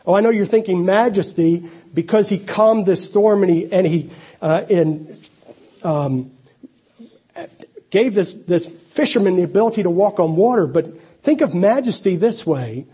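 A man's voice: sits high, normal speed, slightly rough, dull audio. A man preaching a sermon, reading scripture and then explaining it in a conversational way, with asides and restarts. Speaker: pastor.

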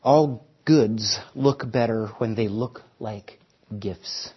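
A man's voice: medium pitch, takes it slowly, breathy edge. A man preaching a sermon, storytelling with varied emphasis. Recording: slightly dull recording.

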